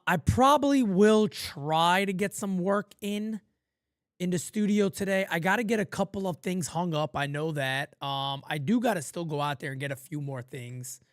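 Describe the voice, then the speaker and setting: A man's voice: high-pitched, a bit bright, no echo, clean studio sound. A man hosting a live play-by-play stream, calling the game with sarcastic, exasperated fan commentary. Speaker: host.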